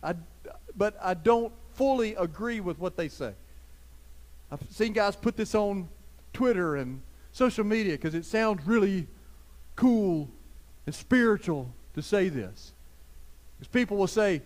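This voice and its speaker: A man preaching a sermon as pastor, talking straight to his listeners, swinging from loud emphasis to soft, hushed lines. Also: high voice, animated, a little slow, pauses often. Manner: conversational, addresses listeners directly.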